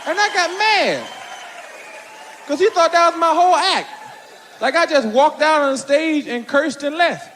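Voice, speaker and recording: Indignant, profane stand-up comedian. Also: male voice, very high voice, a little slow, pauses often, some chatter behind, slight background noise. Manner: animated, profane, indignant storytelling. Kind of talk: stand-up routine. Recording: live stand-up show in a large hall.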